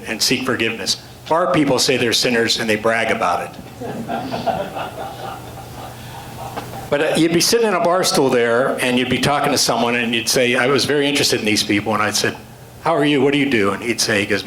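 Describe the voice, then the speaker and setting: Late-50s male storyteller, self-deprecating humor, mid pitch, roomy hall sound. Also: fairly bright tone, a little hiss or hum. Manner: dry, self-deprecating joke delivery, rambling asides. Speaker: storyteller and author giving a talk. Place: club meeting room with an audience. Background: audience laughter.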